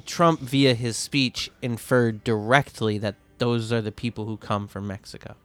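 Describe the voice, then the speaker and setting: A man's voice: mid-range voice, steady tone, measured pace, no echo, soft background music. A man co-hosting a comedy podcast as the skeptical straight man, pushing back in an exasperated tone. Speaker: podcast co-host.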